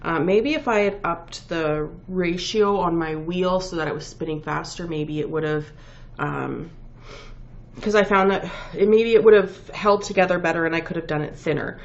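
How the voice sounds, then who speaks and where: A woman's voice: on the low side, moderate pace, creaky. A woman with a head cold, sniffling as she hosts a casual knitting podcast, rambling and correcting herself as she shows off her finished work. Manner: rambling, self-correcting, lots of ums. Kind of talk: casual show-and-tell chat. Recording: dull lo-fi home recording with faint background noise.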